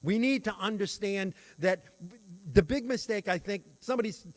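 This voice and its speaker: High-voiced older man telling a story. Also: moderate pace. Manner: earnest, reflective storyteller. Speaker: workshop speaker on teaching children. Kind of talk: storytelling lecture.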